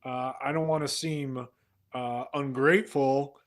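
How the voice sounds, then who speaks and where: A man voicing an aggrieved lone astronaut in an improvised comedy scene, complaining in a low, halting voice. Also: fairly even intonation, natural voice.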